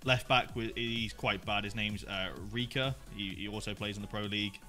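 A man's voice: on the low side, steady tone, moderate pace, bright, forceful tone, soft background music. A man casually talking through his team and match as a guest player, laid-back and full of fillers. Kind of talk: casual gaming chat.

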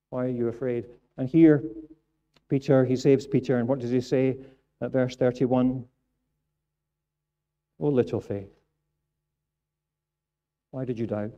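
A Scottish man preaching a sermon in a church, moving between quiet reflective passages and raised, emphatic ones. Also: mid-range voice. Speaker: pastor. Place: church sanctuary. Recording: dull lo-fi sound.

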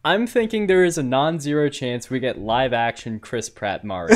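A young man co-hosting a casual podcast, talking in an animated, joking way. His voice sits in a middle register, and his speech is loose and conversational. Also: medium pitch, moderate pace, noisy background. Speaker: podcast co-host. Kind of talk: casual chat.

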